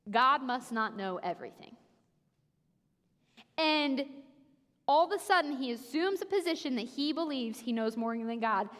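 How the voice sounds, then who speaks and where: A woman giving a sermon as preacher, telling the story in an animated way and acting out the voices she quotes. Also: high-pitched. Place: church sanctuary. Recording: reverberant church hall.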